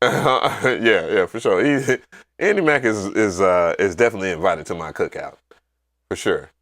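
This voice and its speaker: Man, livestream host, casual chat, swings his pitch all over, swears a lot, gets loud when excited. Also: normal speed. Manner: animated, profane storytelling with loud excited outbursts.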